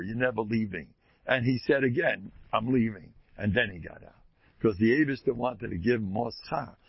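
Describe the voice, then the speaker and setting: A rabbi with a voice on the high side gives an emphatic Torah sermon, retelling stories and repeating key lines for weight. The recording is dry, dull and lo-fi.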